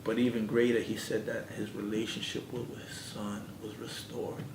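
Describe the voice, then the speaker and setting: A man being interviewed earnestly recounts his life story, acting out the dialogue within it. His tone is level with some vocal fry and a moderate pace, recorded from a distance in an echoey room with a background rumble.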